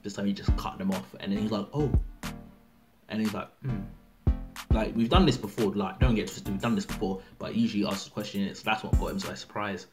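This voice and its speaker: A man's voice: fairly low pitch, brisk. An eighteen-year-old man chatting casually to camera, rambling and full of fillers. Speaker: vlogger. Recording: music playing loudly behind.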